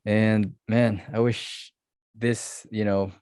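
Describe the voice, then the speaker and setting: A man's voice: on the low side, level tone, slow, darkish tone, smooth, dry recording, studio quality. A man hosting a podcast and chatting in a friendly, casual way, often saying "man". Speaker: podcast host.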